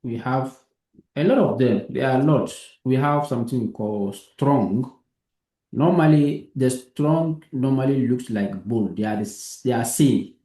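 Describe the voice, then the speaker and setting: A man's voice: mid-range voice, unhurried, dark tone, echoey room. A man teaching a live coding lesson, patient, who keeps asking if his student understands. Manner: patient, repeats himself and checks understanding.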